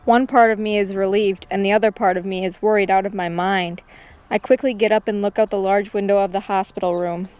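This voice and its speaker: Woman, story reader, smooth clear tone, plain first-person narration. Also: medium pitch, fairly even intonation, a little fast, a little mellow. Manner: reads plainly, voicing characters' lines lightly. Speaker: student reading her own story.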